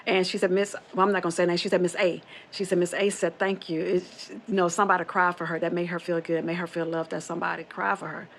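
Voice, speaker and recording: Woman, casual storyteller; low register, gravelly fry; rambling, repeats lines, voices quoted dialogue. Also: level tone, fast, hardly any pauses, slight background noise. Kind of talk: casual spoken true story.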